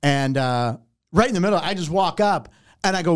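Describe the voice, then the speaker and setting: Middle-aged guy spinning a story, swears a lot, high pitched, bouncy, keeps doing the other people's lines. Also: brisk, dry recording, studio quality. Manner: animated, profane, acts out quotes. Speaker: warm-up comedian telling a story. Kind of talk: casual storytelling chat.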